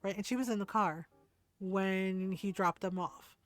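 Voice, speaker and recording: A woman's voice: mid-range voice, steady tone, unhurried, faint music behind. A woman streamer telling a story while gaming, swearing freely, laughing often and heatedly quoting herself. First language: Tagalog.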